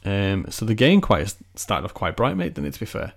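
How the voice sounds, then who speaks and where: A man's voice: lowish voice, big pitch swings, brisk, gravelly. A man co-hosting a football podcast, teasing his friend and running through the results. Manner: teasing, joking, reads results. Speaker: podcast co-host. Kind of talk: casual chat.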